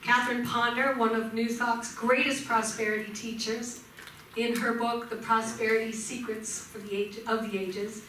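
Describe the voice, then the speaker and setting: A woman minister giving a gentle sermon in a church, telling stories and voicing shouts vividly. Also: a little high, slight background noise. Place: church sanctuary. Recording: echoey church hall from far off.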